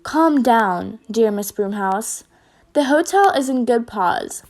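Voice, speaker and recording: A woman reading aloud, voicing a male mouse detective who reassures people in a brisk, confident way. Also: fairly high pitch, lively intonation, a little mellow. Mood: reassuring.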